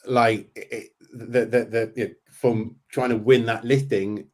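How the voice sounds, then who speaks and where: A man hosting a webinar interview over a video call, thinking aloud in halting phrases with many restarts. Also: medium pitch, level tone.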